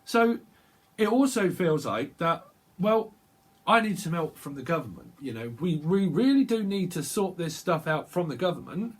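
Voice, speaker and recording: A man gives a rambling, jokey tarot reading and keeps slipping into little acted-out exchanges. His voice is slightly husky and a bit high for a man, with a very lively rise and fall. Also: moderate pace. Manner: rambling, jokey, acts out dialogue. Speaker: tarot reader. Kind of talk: casual chat, tarot reading.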